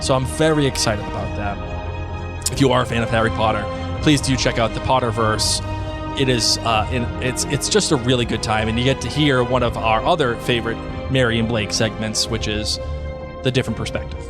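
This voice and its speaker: A man's voice: mid-range voice, steady tone, a little fast, loud music behind the voice. A man co-hosting a podcast in a casual, upbeat way, plugging upcoming shows. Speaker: podcast co-host.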